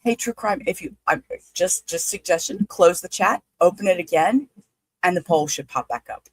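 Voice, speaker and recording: A woman, hosting a livestream in a chatty, halting, excitable way. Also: lowish voice, husky, no room sound, poor audio. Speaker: livestream host. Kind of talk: casual livestream chat.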